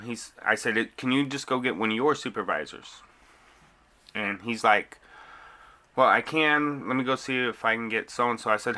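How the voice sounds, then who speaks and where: Frustrated, a man in a casual vlog retells his drawn-out run-in with customer service and store employees, quoting who said what. He's a delivery driver venting to camera, his mid-range voice pushed and bright.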